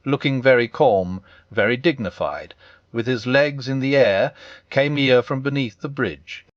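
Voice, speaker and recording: A man narrating a classic children's story as a calm bedtime reading. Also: mid-range voice, unhurried, no room sound, muffled recording. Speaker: audiobook narrator.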